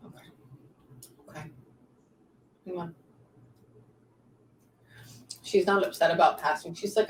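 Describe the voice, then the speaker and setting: A woman working as a psychic medium, relaying messages in quick bursts and often pausing to say "hang on" during a live reading session. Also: lowish voice, steady tone. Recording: echoey room, distant mic, faint background noise.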